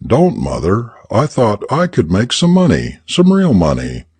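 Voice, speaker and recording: A man's voice: fairly low pitch, huge pitch swings, unhurried, darkish tone, husky, no echo, voice pushed up, full character voice. A man voicing a distressed young man explaining away a gambling loss. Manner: distressed, pleading. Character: anxious young man who lost at poker.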